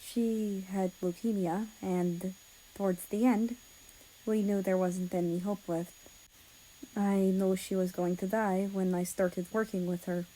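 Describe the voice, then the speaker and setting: Grieving young male nurse, gentle and subdued, slow and quiet; a woman reads him in a storybook voice. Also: mid-range voice, fairly even intonation, natural voice, low-quality recording. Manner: soft, hushed, halting.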